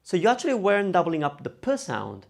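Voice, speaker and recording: A man teaching pronunciation in a casual video lesson, saying each word slowly and repeating it. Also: high voice, wildly swooping pitch, creaky. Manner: demonstrates words slowly and repeats them. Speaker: Italian language teacher.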